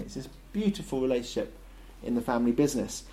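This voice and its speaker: A man giving a sermon in an easygoing, conversational tone. His voice sits at a middle pitch for a man, and he slips into little acted-out exchanges to make a point. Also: animated, fast talker, few pauses, mellow, slight background noise. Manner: conversational, acts out short voiced dialogues. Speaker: preacher.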